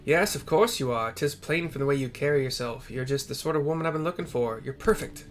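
A man's voice: medium pitch, fairly even intonation, fast talker, close to an everyday voice. A man reading aloud the lines of a pompous, boastful male bounty hunter from a game, in grandiose and old-fashioned phrasing, with faint game music behind him.

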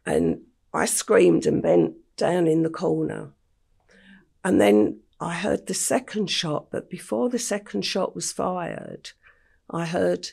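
An older woman from England, telling her life story in an interview at a slow, matter-of-fact pace. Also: on the low side, sing-song, a little mellow. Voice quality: gravelly, husky voice. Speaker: podcast guest.

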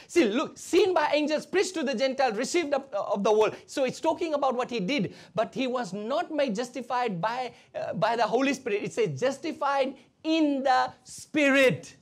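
A woman preaches with fervour, drawing the congregation into call and response. Her voice sits fairly high and swings widely in pitch. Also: normal speed, few pauses. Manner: animated preaching mixing English and Hindi, call and response. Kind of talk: sermon.

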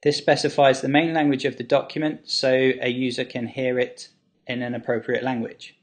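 Brief: male web developer at a mid-range pitch, calm and clear, walking viewers through a tutorial. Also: normal speed. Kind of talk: tutorial explanation.

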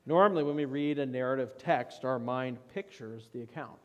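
A man preaching a sermon as pastor, leading a guided imagery passage with dramatic rises and hushed drops. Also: mid-range voice, moderate pace. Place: church sanctuary. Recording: long church reverb.

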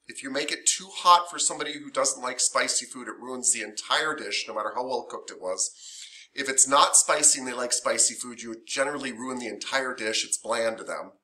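A man teaching a massage therapy class, chatty and emotional, acting out what clients say. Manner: animated, emotional, chatty with many fillers; acts out quoted clients in higher voices. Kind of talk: classroom lecture.

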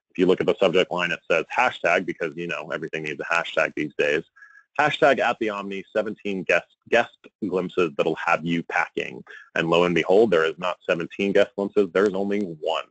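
Deep-voiced man giving a lively talk. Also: no room sound, poor audio. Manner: animated, exasperated, jokey. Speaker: conference speaker on email marketing. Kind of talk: conference presentation.

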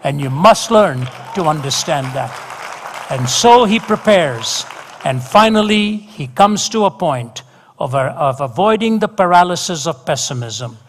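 A man's voice: on the high side, animated, measured pace. Emphatic preacher man in a reverberant hall. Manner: emphatic, repeats words for effect. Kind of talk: sermon. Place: large hall.

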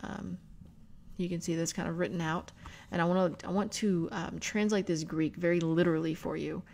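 A woman hosting a book club video, explaining scripture and spelling out words in an unhurried teaching manner. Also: lowish voice, steady tone, gravelly, a little mellow. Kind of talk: bible study teaching.

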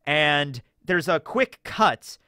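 A man's voice: a little high, expressive, very slow, bright, forceful tone, no room sound, studio quality. A man hosting a casual, rambling episode breakdown, talking in a chatty manner full of asides. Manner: chatty, rambling, full of 'like' and quoted bits. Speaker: YouTube host.

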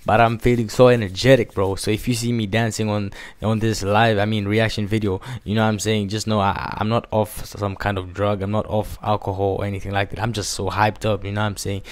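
A man's voice: lowish voice, brisk, few pauses, no room sound. Hyped young man vlogging. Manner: energetic, repetitive, slangy. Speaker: music reaction vlogger. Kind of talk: casual hyped-up vlog chat. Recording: faint music behind.

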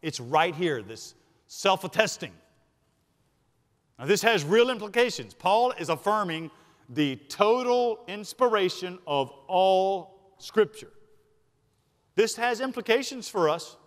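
A Southern-accented male pastor preaches a sermon in a high voice, pressing on key words and slowing them down for weight. He hurries through his asides. His voice rings out with the long reverb of a church sanctuary. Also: animated. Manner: emphatic, slows for stress, then rushes asides. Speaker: senior pastor.

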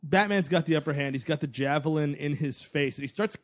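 A man co-hosting a comedy movie-review podcast, recapping scenes with profanity and quick mock voices. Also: fairly high pitch. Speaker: podcast co-host.

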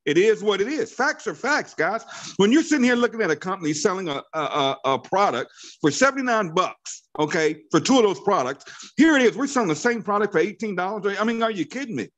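A man in his fifties gives a rousing motivational talk to his sales team. His voice sits high and swings widely up and down. He speaks with fervent, preachy conviction and hammers his points through repetition. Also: sing-song, fairly quick, a bit bright. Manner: fervent, preachy, repeats phrases for emphasis. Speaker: network marketing team leader. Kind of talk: motivational training call talk.

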